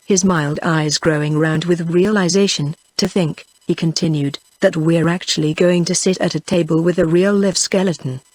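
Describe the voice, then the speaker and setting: A text-to-speech woman's voice with a British English accent, reading a novel aloud in an even, unvaried way. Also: fairly low pitch, dry recording, low-quality recording. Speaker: audiobook narrator. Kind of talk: synthetic audiobook narration.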